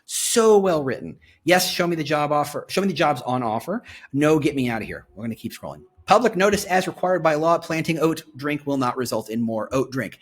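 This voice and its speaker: Excitable husky man reviewing websites. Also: a little high, fairly quick, few pauses. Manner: excitable, reads site copy aloud and reacts. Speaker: employer branding commentator. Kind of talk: screen-share website review.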